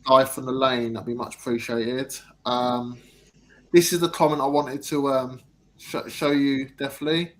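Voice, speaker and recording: Man host, mid pitch, hesitant, lots of "um", reads chat aloud. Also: little pitch movement, moderate pace. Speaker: livestream host reading comments. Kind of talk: casual chat.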